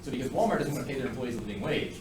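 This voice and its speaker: A male teacher lectures on algebra with a playful, wisecracking delivery. His pitch swings widely as he jokes with the class. The sound is roomy, with a faint hum of classroom noise. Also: very fast. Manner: joking, lively, asides to students. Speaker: math teacher.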